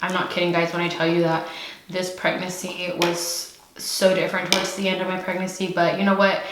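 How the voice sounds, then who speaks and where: A woman's voice: fairly low pitch, flat delivery, a little fast, reverberant, noisy background. A young woman from California, pregnant and out of breath, chatting casually to camera while eating noodles. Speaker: YouTube host. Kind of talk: casual mukbang chat.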